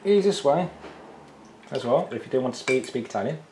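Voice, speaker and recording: A man's voice: medium pitch, rapid-fire, noisy background. A man co-hosting a painting video, bantering playfully and teasing his partner. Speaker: miniature painting channel co-host. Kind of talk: casual banter while painting.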